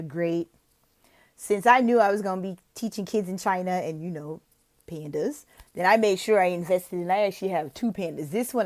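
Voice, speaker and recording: Here a woman who teaches English online shares interview advice, explaining how to run an online lesson slide by slide. Her delivery is lively and expressive, with acted classroom demonstrations where she drops to a whisper or rises into a high, sing-song teacher tone.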